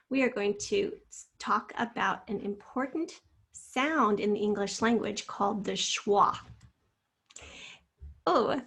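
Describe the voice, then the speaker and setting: A woman teacher giving a recorded spelling lesson to fourth graders, sounding out words slowly and carefully. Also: medium pitch, vocal fry, husky.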